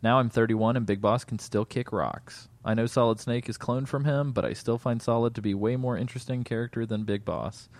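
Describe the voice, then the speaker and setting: A man's voice: medium pitch, fairly quick, few pauses. A man co-hosting a podcast in a casual, laid-back chat, with plenty of fillers and easy laughter. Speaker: podcast co-host.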